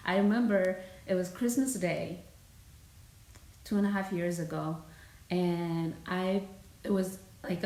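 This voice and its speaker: A woman's voice: lowish voice, roomy sound, low-quality recording. A woman from Eritrea, a fitness host, telling a personal story in casual, earnest live-stream talk.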